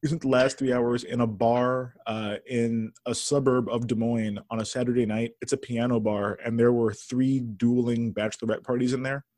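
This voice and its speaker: A man's voice: mid-range voice, flat delivery, moderate pace, hardly any pauses, a little mellow, dry recording. A man in his thirties co-hosting a podcast, joking bluntly in casual chat and swearing freely. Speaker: podcast co-host.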